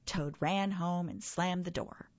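A woman reading a children's book aloud with a husky voice, in a measured, expressive storytelling manner. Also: lowish voice, no echo, lo-fi sound. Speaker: storybook reader.

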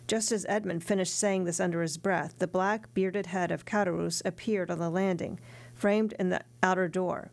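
Woman reading a novel out loud, measured, bit of vocal fry. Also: on the low side, steady tone. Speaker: narrator. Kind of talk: audiobook reading.

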